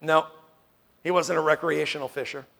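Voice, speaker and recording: A man from New York preaching a sermon as pastor, emphatic, swinging from loud declarations to hushed tones and asking the room "Amen?" often. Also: on the high side, fairly even intonation, normal speed, creaky.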